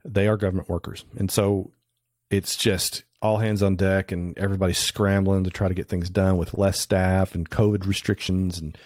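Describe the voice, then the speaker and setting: Man, middle-aged, lowish voice, dry sound, chatty anecdotal storytelling, interview guest. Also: level tone, normal speed, darkish tone, dry recording. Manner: chatty anecdotal, many restarts and fillers. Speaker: photographer guest.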